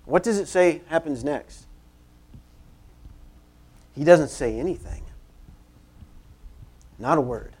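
A man's voice: a little high, slow, long pauses, slightly rough. Conversational man preaching a sermon. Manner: conversational, animated, repeats phrases for emphasis; moves around while preaching. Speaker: pastor.

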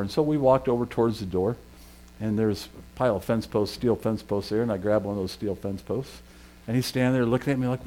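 A middle-aged male pastor preaching and telling a lively personal story, shouting and laughing at its peaks. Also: mid-range voice, a little fast.

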